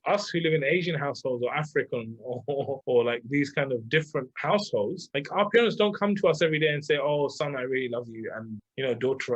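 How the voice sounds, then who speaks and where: A man's voice: on the high side, husky. A man in his thirties, a life coach, talking casually and filling his speech with "like" and "right?". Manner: conversational, full of "like" and "right?". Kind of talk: casual chat. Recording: dull lo-fi sound.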